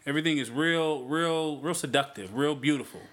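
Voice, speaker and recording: A man's voice: fairly high pitch, fairly quick, fairly bright tone. A man co-hosting a podcast, telling a teasing story in casual chat and talking over interruptions. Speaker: podcast co-host.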